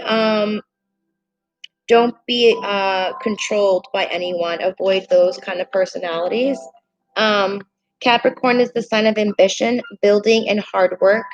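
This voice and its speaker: A woman's voice: mid-range voice, dull audio. A woman reading tarot cards on a live stream, bubbly and gushing as she talks to her viewers. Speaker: tarot reader. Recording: clear music bed behind voice. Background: soft meditation music.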